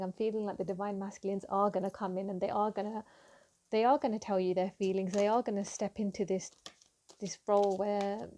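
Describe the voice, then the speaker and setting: A woman giving a gentle, affirming tarot reading to camera, with frequent ums and restarts. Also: medium pitch. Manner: giggly and excited at times. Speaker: tarot reader.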